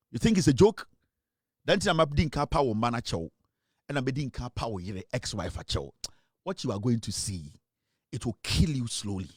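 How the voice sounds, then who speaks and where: A man's voice: mid-range voice, darkish tone, no room sound, studio quality. A man hosting a live talk show, delivering repetitive, threatening accusations. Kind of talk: heated live commentary.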